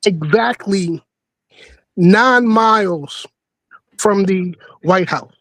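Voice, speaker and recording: A man speaks slowly and easily, drawing out his words. The dry, close sound keeps his laid-back voice close to the ear. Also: sits high, a bit bright, no room sound, low-quality recording. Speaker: guest. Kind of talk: casual group discussion.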